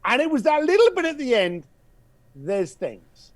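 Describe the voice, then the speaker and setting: A man's voice: extremely high pitch, fast talker, no room sound. A man, a podcast guest, telling an anecdote and acting out the voices in it. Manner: animated storyteller, acts out voices, drops to a hush for effect. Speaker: podcast guest, concierge founder. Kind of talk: storytelling anecdote.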